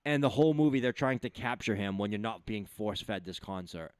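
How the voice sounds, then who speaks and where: A man's voice: fairly low pitch, brisk, clean tone, no echo. A man co-hosting a casual podcast, riffing on movies, swearing and acting out quotes. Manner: animated, swears, acts out quotes. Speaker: podcast co-host. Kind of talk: casual profane chat.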